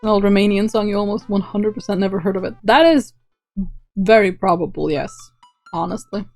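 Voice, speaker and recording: Streamer, young woman, playful and quick to laugh, faint music under her voice. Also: medium pitch, steady tone, darkish tone. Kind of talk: casual game stream, reading dialogue aloud.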